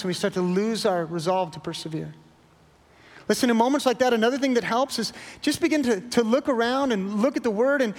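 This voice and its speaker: A man's voice: very high-pitched, big-room sound. A man giving a sermon in a conversational, humorous way, acting out the people in his stories. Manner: conversational and humorous, acts out quoted voices. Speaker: preacher.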